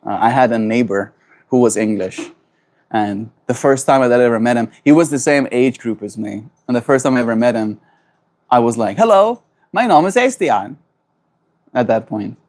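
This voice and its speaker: South african guy w afrikaans accent on a chill stream, reading chat and joking around, laughs a lot, mid pitched voice. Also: steady tone, brisk, darkish tone. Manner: playful and chatty, laughs often, answers viewers directly. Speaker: livestreamer. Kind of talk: casual livestream chat, reading chat messages aloud. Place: at home.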